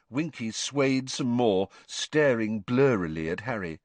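A man reading a children's novel aloud as an audiobook narrator, expressive storytelling. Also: medium pitch, measured pace, few pauses, no echo. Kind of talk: scripted narration.

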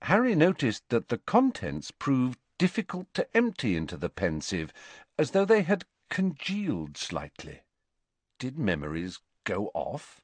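Man, audiobook narration, expressive storytelling, lively pitch, mid voice, dry close mic. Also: measured pace, no echo. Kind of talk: scripted narration.

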